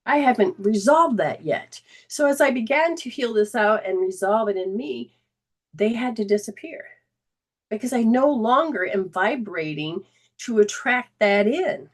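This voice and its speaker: A woman's voice: a little high, a little slow. A woman hosting a spiritual self-help talk, speaking in an earnest, conversational way, often restarting sentences and briefly acting out remembered dialogue. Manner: acts out remembered dialogue in lively quoted voices. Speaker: host and spiritual healing coach.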